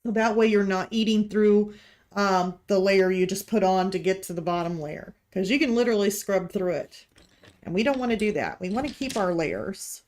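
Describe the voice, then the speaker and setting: A woman's voice: mid-range voice, moderate pace, darkish tone. A woman from Missouri with a light Missouri accent, chatting through a live painting tutorial as she works. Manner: chatty, thinking aloud while working. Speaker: art instructor. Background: heater hum.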